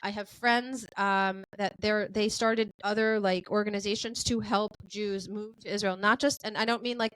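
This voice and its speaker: An American woman hosts a podcast in a loose, chatty way, full of fillers and quick asides. Her voice sits at a middle pitch, recorded close and dry with little room sound. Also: clear, resonant tone, no echo, rough recording. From United States. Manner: chatty, animated, many fillers. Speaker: podcast host. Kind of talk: casual chat.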